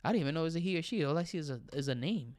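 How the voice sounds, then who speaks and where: A man's voice: on the high side, lively intonation, racing, darkish tone, dry recording, studio quality. A young man hosting a casual livestream, chatting with viewers and reading their comments, switching between English and Spanish. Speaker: livestream host.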